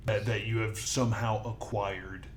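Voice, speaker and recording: A man playing a tabletop role-playing game, talking in a halting way with many fillers and restarts. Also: on the low side, flat delivery, slight background noise. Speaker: player and host. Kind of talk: casual tabletop role-play.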